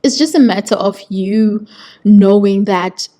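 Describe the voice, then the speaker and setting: A woman's voice: medium pitch, measured pace, dark tone. Earnest South African woman in her thirties. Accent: South African English. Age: 30s. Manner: heartfelt, earnest, repeats words, fillers. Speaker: vlogger host. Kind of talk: casual motivational talk to camera.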